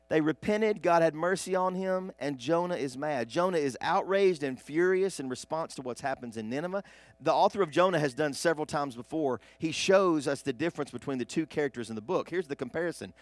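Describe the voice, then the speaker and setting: A man preaching a sermon, swinging from hushed asides to loud, emphatic bursts. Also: a little high, expressive, brisk, dry recording. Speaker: pastor.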